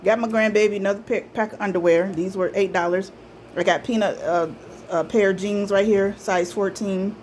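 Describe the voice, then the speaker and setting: A woman's voice: mid-range voice, steady tone, normal speed, darkish tone, a little hiss or hum. Chatty older woman. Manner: chatty, homey, talks straight to viewers as y'all. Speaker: vlogger showing a shopping haul. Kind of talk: casual chat to camera. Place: at home in her apartment.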